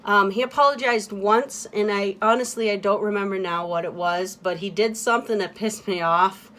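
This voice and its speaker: A woman vlogging in a casual confessional monologue, talking in a candid, halting way with many fillers and restarts and often trailing off quietly. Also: medium pitch, fairly even intonation.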